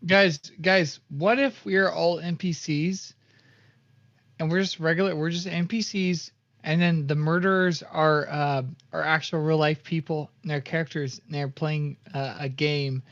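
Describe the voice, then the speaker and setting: A man's voice: a little high, fairly even intonation, measured pace, a bit bright, no room sound. A man in a casual chat, blurting goofy jokes and asides. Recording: dull lo-fi mic.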